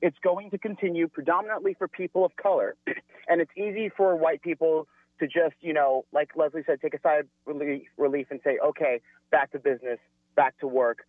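A man as a radio guest, speaking earnestly and deliberately with frequent ums. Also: fairly high pitch, steady tone, dry recording. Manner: earnest, deliberate, with many um fillers. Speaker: guest on phone. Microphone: telephone. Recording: tinny phone line.

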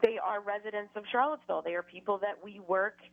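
A woman's voice: medium pitch, quick pace. A woman as a radio guest, speaking hesitantly with many fillers. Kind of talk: radio interview. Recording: dull lo-fi line.

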